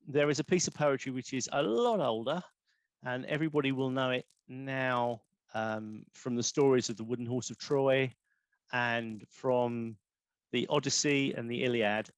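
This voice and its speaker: A man's voice: medium pitch, no room sound. A man, poet in residence, giving a rambling, self-correcting online talk on poetry forms over a video call.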